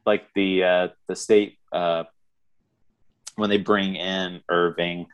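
Deep-voiced man rambling about a movie. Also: flat delivery, slow, clear, resonant tone, lo-fi sound. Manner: rambling, many fillers and restarts. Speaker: podcast co-host. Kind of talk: casual movie review chat.

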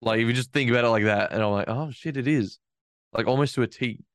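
A man's voice: medium pitch, fairly even intonation, rapid-fire, fairly bright tone, clean tone, no echo, studio quality. A man appearing as a guest on a podcast, chatting casually with wry, self-deprecating humor. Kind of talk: casual chat.

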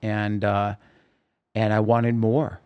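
A man's voice: on the low side, slow, smooth. A man in his fifties, a rock singer guesting on a podcast, telling a long story and acting out the dialogue. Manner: animated storyteller, acts out dialogue. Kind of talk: storytelling interview.

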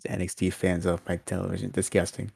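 A man co-hosting a wrestling podcast, quick and sarcastic in casual chat. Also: deep voice, monotone, creaky, darkish tone, breathy edge, dry recording, clean studio sound. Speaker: podcast co-host.

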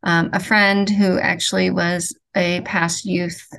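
A woman's voice: lowish voice, little pitch movement, takes it slowly, vocal fry, a bit bright. A woman co-hosting a podcast, chatting casually and trailing off with fillers. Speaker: podcast co-host. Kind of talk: casual chat.

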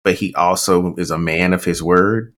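A man co-hosting a podcast in casual chat, animated and acting out characters' lines as he recounts them. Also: deep voice, normal speed. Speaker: podcast co-host.

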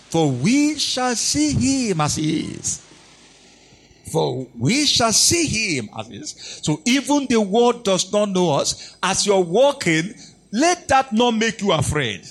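A man preaching a sermon in a husky voice, emphatic and animated, repeating lines for stress. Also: high-pitched.

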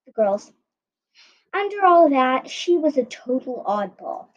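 A woman reading her own story aloud in an earnest, uneven way, on a dull lo-fi recording. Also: high-pitched.

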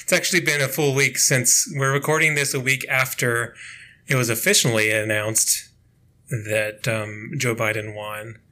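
A man's voice: mid-range voice, little pitch movement, normal speed, sharp tone. A young man co-hosting a podcast in casual chat, laughing often and rambling with fillers. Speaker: podcast co-host.

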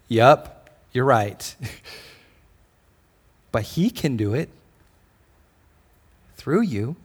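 With a husky, medium-pitched, expressive voice, a man preaches a sermon, drawing out his words and pausing often. He's a pastor speaking casually in a church with an echoey, reverberant sound, telling stories and acting out dialogue.

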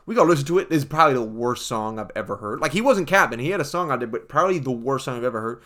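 A man's voice: medium pitch, animated, rapid-fire, a bit bright. A young man hosting a casual comedic monologue, joking and slangy, often calling listeners folks.

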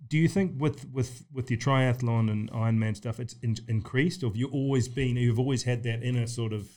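Male host, medium pitch, chatty, affirming, asks long winding questions. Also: fairly even intonation, a little fast, darkish tone. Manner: encouraging, frequent short backchannels, rambling questions. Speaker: podcast host. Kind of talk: casual interview.

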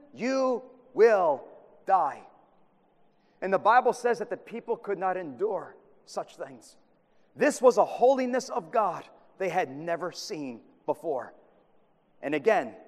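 Guy preaching a sermon, high voice, big echoey church hall, dramatic swings from loud to hushed. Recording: long hall reverb.

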